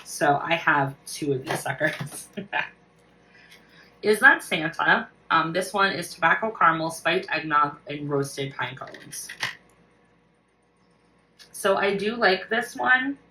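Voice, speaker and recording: A woman's voice: deep voice, animated, takes it slowly, long pauses, pushed and bright, far from the mic, a little hiss or hum, low-quality recording. A woman casually reviewing her collection for a vlog, gushing with enthusiasm. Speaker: wax collection vlogger.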